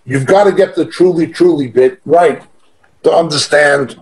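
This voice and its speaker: Emphatic high-voiced male Bible teacher. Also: normal speed, rough recording. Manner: emphatic, repeats key phrases, reads verses aloud. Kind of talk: verse-by-verse Bible teaching with asides.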